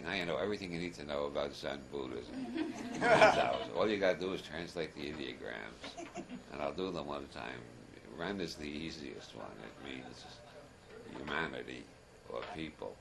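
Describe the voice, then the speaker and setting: His voice extremely low and creaky, an older lecturer gives a live audience a humorous, meandering talk. Wry and chuckling, he drifts into self-deprecating tangents, heard through noisy archival audience audio.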